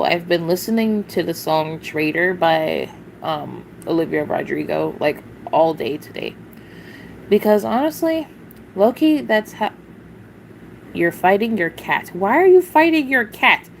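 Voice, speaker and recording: A woman with a lowish voice vents on a casual livestream, blunt, exasperated and full of curses. She rambles with sighs and short laughs, and faint noise hums behind her. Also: gravelly, low-quality recording.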